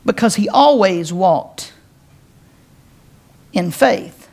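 A woman pastor preaching a sermon, folksy and playful, with slow, emphatic pauses and direct calls to her congregation. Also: mid-range voice, animated, vocal fry, a little mellow. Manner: folksy and playful, with casual slang.

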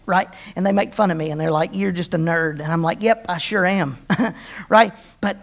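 A pastor with a mid-range voice preaches a conversational sermon, frequently repeating words, restarting, and putting questions to the congregation.

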